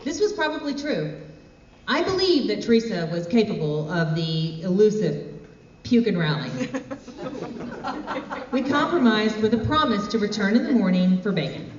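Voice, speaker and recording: A woman telling a comic personal story on stage with deadpan, wry asides. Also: medium pitch, moderate pace, slight background noise. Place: stage in a hall. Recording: echoey hall, far from mic, dull.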